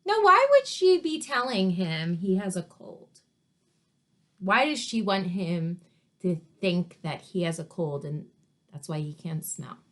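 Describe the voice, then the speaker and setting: A woman teacher reading a storybook to children, pausing to ask questions and explain words. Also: lowish voice, sing-song. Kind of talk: read-aloud story lesson for children.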